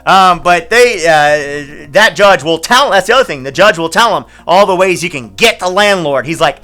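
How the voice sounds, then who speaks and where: Landlord guy rambling thru a story, high bright voice, lots of ums. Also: animated, moderate pace, hardly any pauses, faint music behind. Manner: rambling, chatty, many fillers and restarts. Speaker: landlord and channel host. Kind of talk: casual storytelling vlog.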